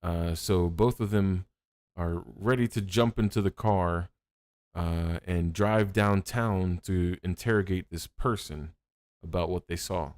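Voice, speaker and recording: Deep, slow man improvising story ideas. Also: darkish tone, no room sound. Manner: casual, halting, with fillers. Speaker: podcast host.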